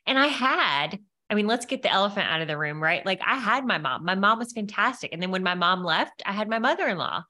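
Bright-voiced woman hosting a podcast. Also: medium pitch, expressive, brisk, hardly any pauses. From America. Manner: candid and emotional, with frequent fillers and laughs. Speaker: podcast host. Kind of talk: casual conversational interview.

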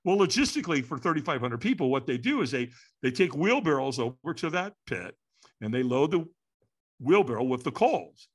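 A man telling a story in an animated way, acting out the quotes and sounds. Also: medium pitch, a little fast, breathy edge. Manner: lively, acts out quotes and sounds.

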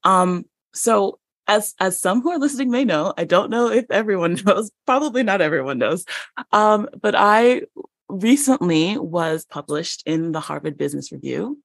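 A woman guest on a podcast, a published writer, telling a story in a lively way and acting out the dialogue with small laughs. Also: mid-range voice, moderate pace, creaky, dry recording. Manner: animated, acts out dialogue in stories, frequent restarts and light laughs.

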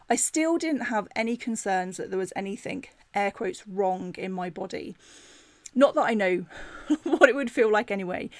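A middle-aged woman, hosting a personal storytelling podcast in a chatty, animated way, full of "like" fillers. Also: medium pitch, no room sound. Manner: animated retelling with laughs. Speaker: podcast host.

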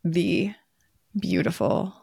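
Bubbly American woman with a gravelly edge. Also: fairly low pitch, slow, dark tone, slight background noise. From United States. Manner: bubbly, chatty, giggly. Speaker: podcast co-host. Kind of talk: casual chat.

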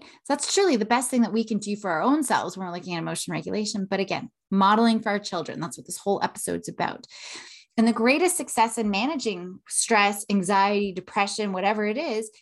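Earnest woman hosting a parenting podcast. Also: mid-range voice. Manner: earnest, repeats "right?" often. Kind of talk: solo podcast talk.

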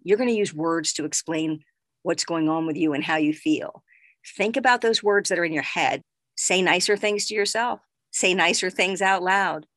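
A woman's voice: mid-range voice, fairly bright tone, dry recording. A woman giving motivational advice in a direct, conversational way, speaking straight to the listener. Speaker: self-help speaker.

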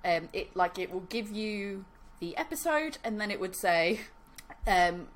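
A woman's voice: mid-range voice, measured pace. A woman co-hosting a podcast, chatting casually with many fillers and frequent giggles. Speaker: podcast co-host. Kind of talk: casual chat.

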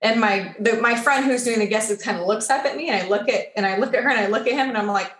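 A woman's voice: on the high side, quick pace, few pauses, a bit bright, echoey room. A woman guest telling a personal story in a casual podcast chat. She talks with lots of fillers and acts out the dialogue she quotes.

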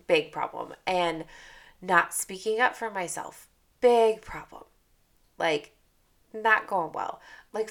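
Chatty woman podcaster with a gravelly edge. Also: mid-range voice. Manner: candid, chatty, repeats phrases for emphasis. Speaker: podcast host. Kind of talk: casual motivational monologue.

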